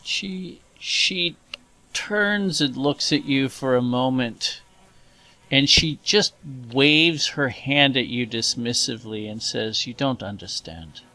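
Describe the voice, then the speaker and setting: A man narrating as game master of a tabletop horror game, unhurried and descriptive. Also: medium pitch, bright, forceful tone, no room sound, rough recording.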